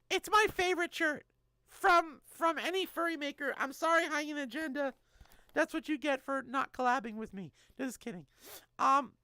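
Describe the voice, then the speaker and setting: A woman's voice: high voice, sharp tone, no room sound. A woman in her thirties streaming live, chatting casually and joking as she answers chat messages.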